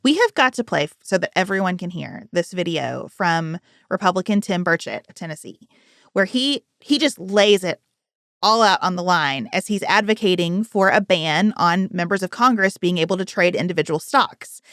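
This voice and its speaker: A woman's voice: lowish voice, lively intonation, normal speed, fairly bright tone, dry recording. Woman cohost on a politics pod, earnest, dry mic sound. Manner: earnest, setting up a clip. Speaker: podcast co-host. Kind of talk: casual political chat.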